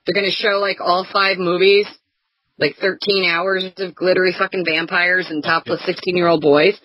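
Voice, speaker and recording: Man, high voice, husky, gleeful profane chat, lo-fi sound. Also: flat delivery, normal speed. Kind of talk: casual chat. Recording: dull lo-fi podcast recording.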